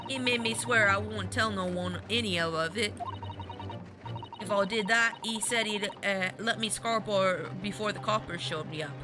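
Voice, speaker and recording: A woman voicing a blunt young street girl in an attempted Cockney accent, reading game dialogue in slangy, rough speech. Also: mid-range voice, normal speed, noisy background, lightly acted. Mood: cheeky.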